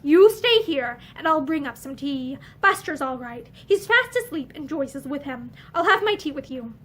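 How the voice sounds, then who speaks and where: A woman's voice: high voice, lively intonation, normal speed, fairly bright tone, slight background noise. A woman voicing a fierce, protective young sister who speaks with fiery, indignant outbursts in a storybook reading.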